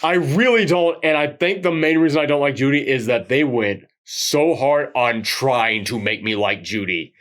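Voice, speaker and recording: A man co-hosting a movie review show from a couch, chatting casually and rambling with animated asides. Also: medium pitch, moderate pace, hardly any pauses. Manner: chatty, rambling, animated with frequent laughs and quoted voices. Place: living room, on a couch.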